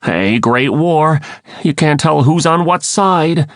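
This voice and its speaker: A sarcastic teenage boy, as a male narrator puts him on in an audiobook. He fires off quips in a lively, lifted voice. The sound is close and dry. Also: on the low side, no echo. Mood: wisecracking. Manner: joking, quick quips.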